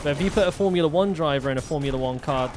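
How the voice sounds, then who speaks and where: A man's voice: on the high side, rapid-fire, background noise. A young man streaming a game, telling stories in a rambling way, swearing freely with lots of fillers and restarts. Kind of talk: casual storytelling while gaming.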